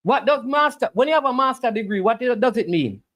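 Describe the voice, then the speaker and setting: Livestream host, argues and lectures the chat, swooping animated pitch. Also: fairly quick. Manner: argumentative, preachy, rhetorical questions. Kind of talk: casual argumentative livestream talk.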